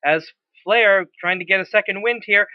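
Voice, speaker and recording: Excitable male wrestling commentator. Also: sits high, normal speed, no room sound, phone-quality sound. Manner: excitable, self-correcting, swears at slips. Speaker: play-by-play commentator.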